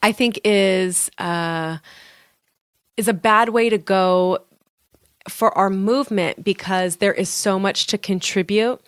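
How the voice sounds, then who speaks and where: A tired woman co-hosting a podcast in casual chat, talking in quick bursts and laughing often. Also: mid-range voice, clean tone, no room sound, clean studio sound. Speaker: podcast co-host.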